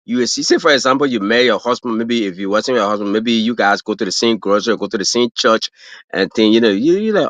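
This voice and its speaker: A man's voice: fairly low pitch, fast, a bit bright, no room sound. Rambling man with an African accent. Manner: rambling, full of fillers and restarts, laughs at his own stories. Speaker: guest. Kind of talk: casual livestream chat. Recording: dull lo-fi, dry stream audio.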